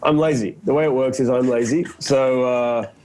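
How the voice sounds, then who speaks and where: A man's voice: medium pitch, steady tone, normal speed, a little mellow, poor audio. An Australian man in his thirties, a guest in a casual interview on a video call, laid-back and self-deprecating, laughing often. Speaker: actor guest.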